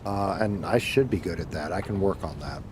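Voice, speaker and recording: A man's voice: low voice, moderate pace, noisy background. A middle-aged man streaming a game from home, chatting casually with viewers, rambling and swearing as he corrects himself. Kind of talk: casual chat while gaming.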